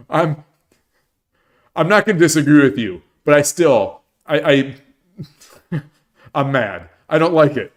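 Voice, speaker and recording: A man's voice: a little high, lively intonation, takes it slowly, pauses often. A middle-aged man chatting casually on his livestream, rambling with many restarts and fillers. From United States. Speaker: streamer.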